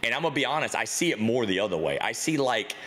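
A man's voice: medium pitch, lively intonation, quick pace, fairly bright tone. A man co-hosting a podcast in casual chat, talking loosely with lots of fillers and some swearing. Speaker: podcast co-host.

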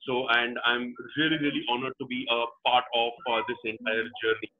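A man's voice: mid-range voice, steady tone, a little fast. A man speaking at a professional forum, giving a motivational talk with a story, hesitant and full of fillers. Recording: tinny phone-like line.

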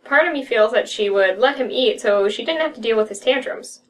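Higher-voiced woman, a bit off-mic, giggly. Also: expressive, recorded from a distance, low-quality recording. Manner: giggly, quick to laugh and riff on jokes. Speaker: co-host reading horror stories aloud. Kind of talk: casual reading and chatty reactions.

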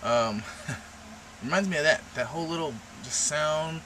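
A young man rambling and joking in a casual vlog from his room at the computer, with random asides. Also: measured pace. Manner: random, jokey, rambling with sudden pitch jumps. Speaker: vlogger. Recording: noisy home recording.

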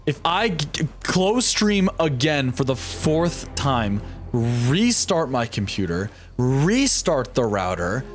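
Young man, live game streamer, slightly high voice, exasperated and chatty with viewers. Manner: flustered, swearing, talking to chat. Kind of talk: casual live-stream chat. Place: home room with computer.

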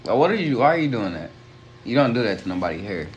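A young man teasing his uncle on a livestream in a calm, dry way. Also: on the low side, fast talker, dull audio.

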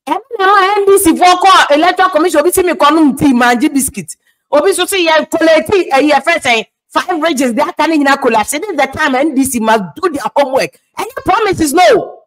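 A woman's voice: sits high, animated, fairly quick, slight background noise, low-quality recording. A woman with a Ghanaian accent, a Twi speaker, giving heated political commentary that moves between English and Twi and repeats words for stress.

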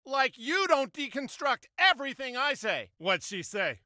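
Chris, a frazzled cartoon dad. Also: male voice, very high-pitched, very animated, pushed and bright, no echo, clean studio sound, heavily acted. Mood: bickering. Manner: frantic and whiny, quick to squabble. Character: frazzled, bickering suburban dad. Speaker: game character. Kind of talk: cartoon video game voice acting.

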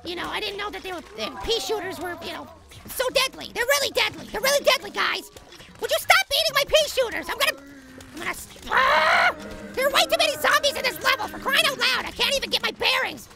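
A man voicing a tiny, excitable cartoon apple boy in frantic let's play commentary, yelling at the game. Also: quick pace, gravelly, exaggerated voice. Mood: frantic excited. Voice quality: squeaky, sped-up high voice. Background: game music.

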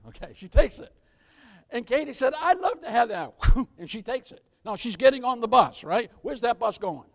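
A man's voice: very high voice, expressive, moderate pace, creaky. A man pastor preaching a sermon in church with folksy humor, often putting questions to the congregation.

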